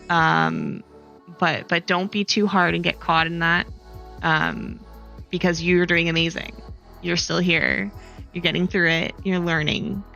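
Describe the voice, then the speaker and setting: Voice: mid-range voice, gravelly, pushed and bright, muffled recording. A stream co-host in casual chat, encouraging and hesitant, with frequent restarts.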